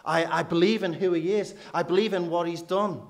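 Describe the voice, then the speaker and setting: A man's voice: high-pitched, steady tone, a little fast. A man, voicing an earnest male believer who has fled and tells his story with small stumbles during a sermon. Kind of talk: sermon role-play.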